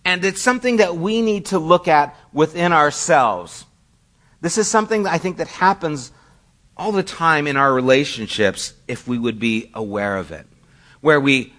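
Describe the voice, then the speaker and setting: A man's voice: fairly high pitch, animated, measured pace, fairly bright tone. A middle-aged male pastor preaching a sermon in a conversational, storytelling way, poking fun at himself. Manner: conversational storytelling with self-deprecating asides.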